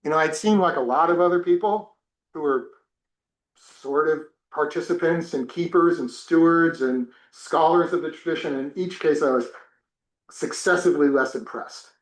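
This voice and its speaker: Man, from New Jersey, professor, classroom storytelling, fairly high voice, echoey room. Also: normal speed. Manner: animated storytelling with many restarts. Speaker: religion professor. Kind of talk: classroom talk with personal stories. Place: temple classroom.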